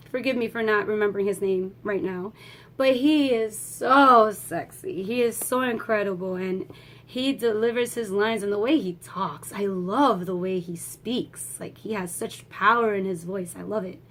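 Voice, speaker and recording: A young woman giving a rambling, excitable movie review, swearing freely and talking in a casual way. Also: mid-range voice, unhurried.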